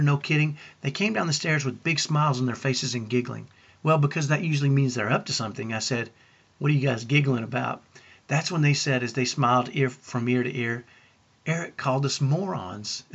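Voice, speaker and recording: A man's voice: mid-range voice, gravelly, a bit bright, breathy edge, muffled recording. A man who works as a parenting coach, telling family stories to parents in an earnest way and asking the listener rhetorical questions. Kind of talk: storytelling talk to parents.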